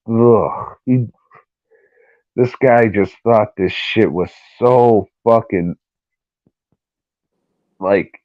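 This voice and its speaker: A man's voice: sits low, no room sound. A man co-hosting a podcast who talks in casual chat, ranting bluntly and swearing freely. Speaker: podcast co-host. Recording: dull lo-fi recording.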